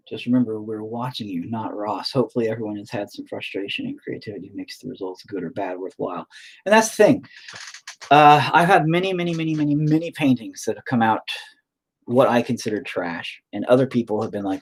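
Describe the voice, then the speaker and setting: A man's voice: mid-range voice, expressive, normal speed, long pauses, slightly rough. A man chatting casually while he paints, rambling, swearing often and talking to himself. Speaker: painting streamer.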